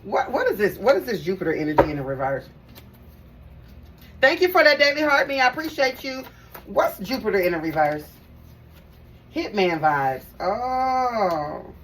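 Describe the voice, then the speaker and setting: A woman's voice: mid-range voice, big pitch swings, moderate pace, long pauses, fairly bright tone. A woman giving a casual tarot reading to her viewers, chatty and emphatic, repeating phrases and talking straight to them. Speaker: tarot reader. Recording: voice a bit far from the mic, faint background noise.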